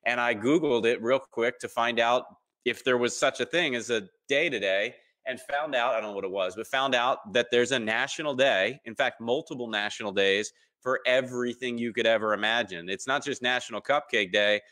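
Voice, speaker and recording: Guesting on a podcast, this man in his 30s tells stories with energy and plenty of ums during a relaxed interview. At a normal speed, his mid-range voice sounds bright and forward, and he takes on others' voices when quoting them.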